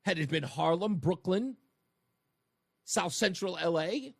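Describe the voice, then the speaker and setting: A male talk radio host speaks into a studio microphone in a high voice that swings widely in pitch. He drives his points home emphatically and keeps firing rhetorical questions at his audience. The sound is close and dry. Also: lively intonation, slow, dry recording. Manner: emphatic, rhetorical, addresses listeners directly.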